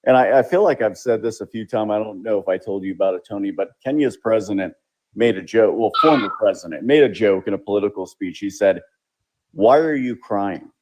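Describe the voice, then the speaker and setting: A man, the show's host, giving measured political commentary in an explanatory way. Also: on the low side, darkish tone. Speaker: show host.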